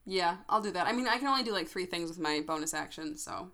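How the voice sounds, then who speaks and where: A young adult woman playing in a tabletop game, cheerful and quick to joke. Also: fairly low pitch, lively intonation, a bit bright. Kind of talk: casual game chat.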